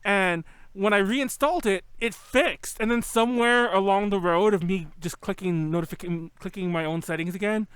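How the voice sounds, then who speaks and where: A man's voice: high voice, moderate pace, fairly bright tone, clean tone, no room sound. A man hosting a casual podcast over an online call, rambling and correcting himself with frequent laughs. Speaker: podcast host. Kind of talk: casual chat. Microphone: home computer mic on an online call.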